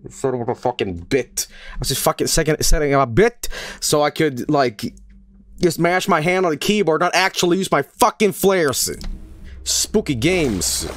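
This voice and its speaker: A man from Sweden streaming a horror game, commenting casually, swearing and yelling at what happens on screen. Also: fairly high pitch, normal speed. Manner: excitable, profane, yells and laughs at the game. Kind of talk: live gameplay commentary.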